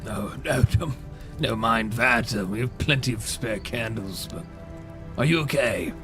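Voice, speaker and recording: A man's voice: mid-range voice, a little slow, music in the background, lightly acted. A man voicing a cautious, concerned man who checks on a guest with hesitant words. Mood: reassuring. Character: cautious man peeking into a room.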